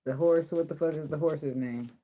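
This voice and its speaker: Woman, tarot reader, casual reading, blunt, profane, laughs a lot, lowish voice. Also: moderate pace, warm tone.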